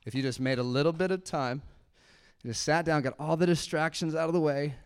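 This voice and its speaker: A young man with a smooth, clear voice preaches a relaxed sermon to a congregation. He is conversational and playful, laughs easily, and slips into a soft, hushed tone when he demonstrates quiet prayer. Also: a little high, brisk. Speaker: pastor. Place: church sanctuary before a congregation.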